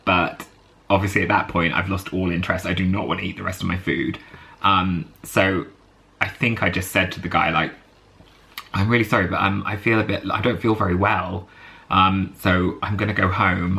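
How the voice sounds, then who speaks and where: A man's voice: sits low, little pitch movement, moderate pace, vocal fry, sharp tone. A British man telling a story to camera in a chatty, rambling vlog, laughing often and full of fillers. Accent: British English. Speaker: vlogger.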